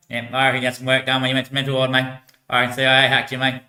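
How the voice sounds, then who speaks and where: A man rambles in loose, slangy talk, swearing freely and breaking into laughs. His voice is bright and sharp at a middle pitch. The room around him echoes. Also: level tone, fast talker. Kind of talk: rambling casual monologue.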